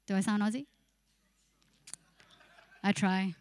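A woman's voice: high voice, moderate pace, pauses often, darkish tone, no room sound, clean studio sound. A woman preacher giving a passionate church sermon, acting out inner voices and speaking to the congregation. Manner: passionate, acts out inner voices, sings briefly.

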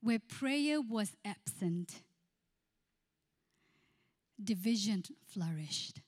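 A woman pastor preaches to her congregation at a middle pitch. She moves between read scripture and personal stories, laughing often. When she quotes herself, her voice drops to a hushed near-whisper. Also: lively intonation, extremely slow. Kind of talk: sermon.

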